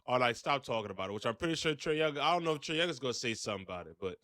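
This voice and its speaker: Brief: quick-talking man, bright edgy tone, dry sound, podcast chatter. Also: mid-range voice, expressive, no echo.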